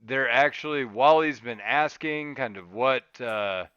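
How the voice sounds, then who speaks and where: A man's voice: mid-range voice, a little slow, a bit bright, clear, resonant tone, no echo, highs cut off. A man hosting a podcast in casual chat, making laid-back, rambling announcements. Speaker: podcast host. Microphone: podcast mic.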